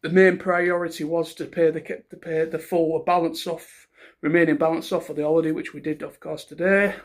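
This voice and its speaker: A man's voice: on the high side, flat delivery, normal speed. A man chatting casually to camera in a vlog, rambling with lots of restarts and fillers. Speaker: vlogger.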